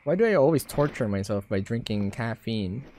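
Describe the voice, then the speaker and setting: A young woman with a Filipino accent commentating a horror game, swearing freely and breaking into loud panicked yelps. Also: rumbling low, expressive, normal speed, a little hiss or hum. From Philippines. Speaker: gaming YouTuber.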